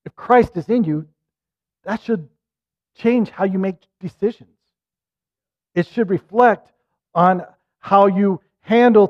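A middle-aged man preaching a sermon and telling a personal story, animated and self-deprecating. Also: sits high. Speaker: pastor. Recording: muffled lo-fi recording.

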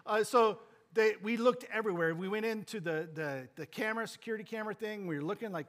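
Male pastor, higher voice, loose funny storyteller who drifts into scripture. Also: fast talker. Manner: animated, joking, rambling with restarts. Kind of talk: sermon with personal storytelling.

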